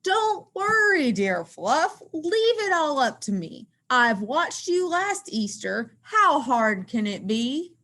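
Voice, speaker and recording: A woman reading aloud and voicing a gentle, eager male elephant. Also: high-pitched, sing-song, slow pace, hardly any pauses, voice pushed up, exaggerated voice. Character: gentle male elephant posing as Easter bunny.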